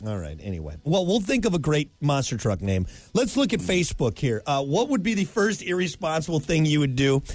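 A man's voice: a little high, big pitch swings, a little fast, few pauses, no echo. A man, co-hosting a show in casual, playful banter and reading listener answers aloud. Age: 30s. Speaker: radio show co-host.

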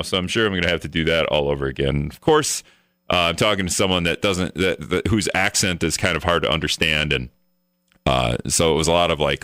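A low-pitched man hosts a talk radio show from a dry studio. His tone is bright and crisp. He rants casually and acts out both sides of his phone calls. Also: fast talker, no echo. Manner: animated storyteller, mimics phone calls in a raised voice.

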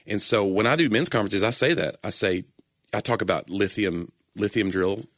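A man's voice: on the low side, moderate pace, no room sound, studio quality. A man who performs and speaks at churches, chatting earnestly about faith and often correcting himself mid-thought. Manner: earnest, rambling, self-correcting. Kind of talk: casual faith conversation.

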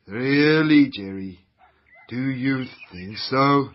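A whiny young schoolboy. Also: male voice, mid-range voice, drawn-out words, highs cut off. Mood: eager. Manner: whiny, sulky complaining. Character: easily led young schoolboy. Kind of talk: children's radio drama.

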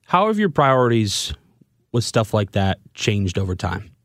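A man in his twenties hosting a podcast, talking in a halting, stammering way and openly getting emotional in a candid conversation. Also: fairly low pitch, big pitch swings, no room sound, clean studio sound. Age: 20s. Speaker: podcast host and radio broadcaster.

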